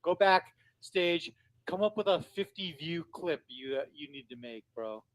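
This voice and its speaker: A man with a notably high voice argues on a live-stream panel. He is aggressive and insulting, and he curses hard as he shouts others down. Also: expressive, measured pace. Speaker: panel guest. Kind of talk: heated live-stream argument.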